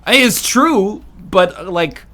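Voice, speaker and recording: A man's voice: high-pitched, lively intonation, slow, pushed and bright. A man in his thirties, a streamer who chats casually and rambles in a joking, opinionated way while playing a game. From Canada. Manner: rambling, joking and opinionated, riffing on chat comments. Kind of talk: casual chat while gaming.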